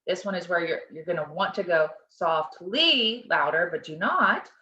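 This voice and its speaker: A woman's voice: lowish voice, animated, moderate pace, sharp tone. Choir teacher woman on a dull video call. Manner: encouraging, instructive, checks in with "okay?". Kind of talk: online music lesson.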